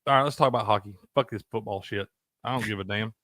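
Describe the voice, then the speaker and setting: A fairly low-pitched man speaks at a quick pace in a dry, clean studio recording. He co-hosts a casual sports betting conversation, cursing liberally, staying animated, and laughing frequently.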